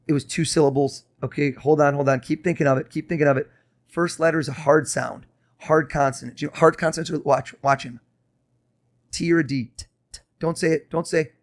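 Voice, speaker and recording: Fast-talking showman mentalist man. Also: a little high, steady tone. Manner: quick, insistent, showman patter. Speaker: mentalist guest. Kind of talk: performing a mind-reading trick in conversation.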